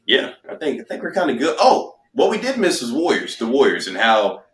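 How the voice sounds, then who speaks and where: A man's voice: medium pitch, sing-song, brisk, fairly bright tone. A man co-hosting a sports podcast, chatting casually in a laid-back way. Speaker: podcast co-host. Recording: echoey room, mic at a distance.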